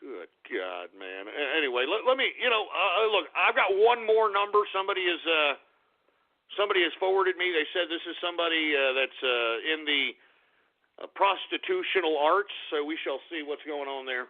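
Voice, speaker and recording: A man's voice: sits high, brisk. A man hosting a call-in radio show, ranting in exasperation, stammering and swearing. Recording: phone-like lo-fi radio audio.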